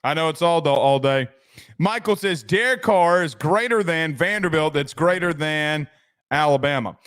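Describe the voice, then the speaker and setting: A man's voice: a little high, animated, moderate pace, fairly bright tone, smooth. A man hosting a sports podcast, chatting loosely and reading viewer comments, with frequent restarts and casual swearing.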